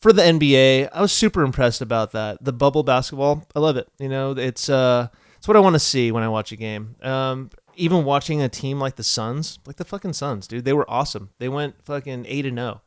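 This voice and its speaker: A man's voice: medium pitch, fairly quick, smooth, no room sound, studio quality. A young man co-hosting a podcast, chatting casually about sports in laid-back slang with swearing. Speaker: podcast co-host.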